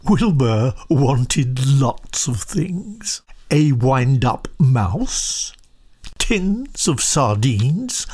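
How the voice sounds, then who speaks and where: A storyteller reading a children's picture book aloud, soft and often half-whispered. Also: medium pitch, sing-song, extremely slow, breathy edge.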